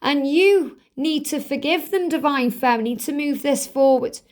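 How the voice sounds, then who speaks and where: A woman hosting a spiritual tarot card reading, speaking in an earnest, gently emphatic way and often repeating her phrases. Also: high voice, moderate pace. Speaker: tarot reader.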